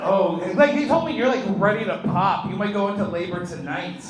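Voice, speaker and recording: A Canadian man in his thirties performs stand-up into a handheld mic, animated and profane, often bursting into shouts. His voice sits high for a man. It rings around a big echoey theater under heavy audience laughter. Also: fairly quick, a crowd in the background. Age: 30s. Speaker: stand-up comedian. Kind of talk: live stand-up comedy with crowd work. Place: large theater stage, live audience.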